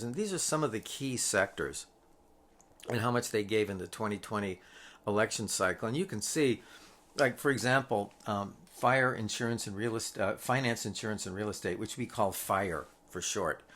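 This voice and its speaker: A man's voice: fairly low pitch, a bit bright. A middle-aged man giving a recorded political science lecture, walking through slides with frequent fillers and restarts.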